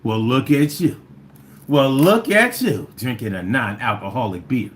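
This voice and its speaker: A livestream host from Philadelphia, USA, speaks in a Philly accent at a measured pace, his medium-pitched voice expressive over a little hiss or hum. He reads viewer comments out playfully, riffing and sometimes singing or dropping into sing-song chants.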